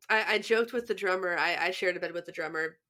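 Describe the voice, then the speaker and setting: A woman's voice: on the low side, fairly quick, bright, forceful tone. A young woman co-hosting a podcast, chatting casually, laughing often and restarting her sentences. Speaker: podcast co-host. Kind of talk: casual chat.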